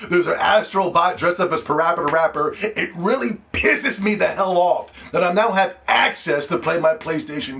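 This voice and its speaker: A man's voice: high-pitched, a bit bright. A man hosting a podcast in a casual, profane, sarcastic rant. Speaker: podcast host.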